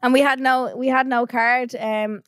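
Lively Irish young woman telling a story. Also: high-pitched, normal speed, smooth, dry recording, clean studio sound. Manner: animated storytelling, acting out quotes. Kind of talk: casual chat.

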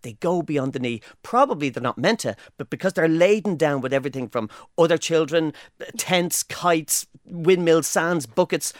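A young Irish man co-hosting a podcast in casual chat, joking and rambling with quick laughs. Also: on the high side, animated, no echo, studio quality. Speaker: podcast co-host.

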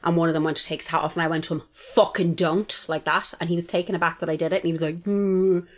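A woman's voice: sits low, level tone, rapid-fire. A woman in her late thirties with a Dublin Irish accent, telling stories bluntly and swearing freely in casual chat. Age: 30s.

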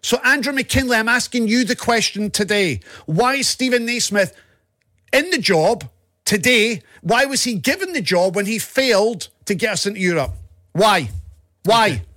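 A man's voice: very high-pitched, expressive, normal speed, pushed and bright, no echo, clean studio sound. A Scottish man co-hosting a casual football podcast, ranting and swearing with heated passion. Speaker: podcast co-host.

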